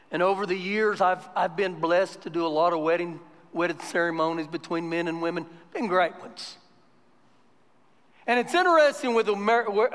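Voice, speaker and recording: A pastor preaches a sermon live during a service in a church sanctuary, his voice really high and fairly bright. He moves from conversational storytelling to emphatic preaching, with the long reverb of a big church hall.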